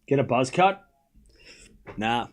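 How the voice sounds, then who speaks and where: Hosting a live watchalong, this man chats casually with his viewers, rambling along with plenty of fillers and restarts. His medium-pitched voice is expressive and slow.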